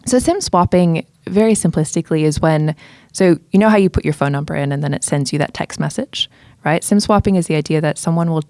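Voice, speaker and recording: A woman, a security expert guest talking in casual podcast chat, animated, with quick bursts of emphasis. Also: deep voice, no echo, clean studio sound.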